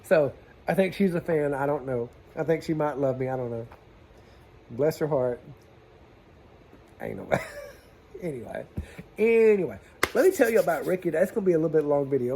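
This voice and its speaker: A man's voice: a little high, a little mellow, a little hiss or hum. A man, a plumber telling stories in a folksy, chatty way and acting out the dialogue. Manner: folksy, chatty, southern-style slang, acts out dialogue. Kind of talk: casual storytelling vlog.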